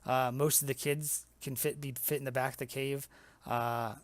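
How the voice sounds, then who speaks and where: A young man narrating as game master in a tabletop game, halting and full of fillers. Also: mid-range voice, level tone, dry recording.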